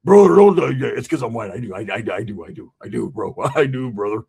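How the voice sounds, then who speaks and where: A man voicing a paranoid, tweaked-out white man who pleads loudly and insistently. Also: mid-range voice, expressive, quick pace, creaky, slightly rough, pitched below the performer's own voice. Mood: pleading. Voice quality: loud, whiny, insistent.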